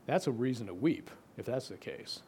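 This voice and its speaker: Man preaching with loud and hushed swings. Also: medium pitch, lively intonation, normal speed, breathy edge. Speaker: pastor. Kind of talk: sermon.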